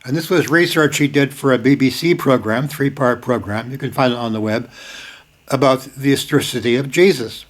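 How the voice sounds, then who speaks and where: A man's voice: medium pitch, brisk. An older man talking straight to the camera, emphatic, repeating key lines and breaking into sudden bursts of force. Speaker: video host. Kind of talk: casual spoken commentary.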